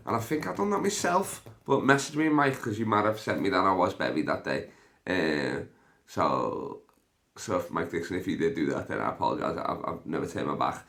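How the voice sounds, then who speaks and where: A man's voice: low-pitched, lively intonation, normal speed, creaky, fairly bright tone. A young man hosting his own podcast, rambling in casual chat, swearing and laughing a lot as he jumps between topics. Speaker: podcast host.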